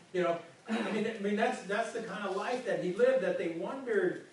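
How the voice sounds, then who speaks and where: A man's voice: high-pitched, fairly quick, few pauses, slight background noise. A male pastor giving a conversational sermon, often repeating words as he speaks. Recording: echoey room from far off.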